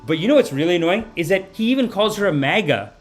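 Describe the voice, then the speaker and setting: On his live-stream podcast, a thirtysomething Canadian host riffs through satirical commentary with a high voice and fast delivery, soft music playing underneath. He's profane and animated, veering between loud eruptions and quiet mumbling.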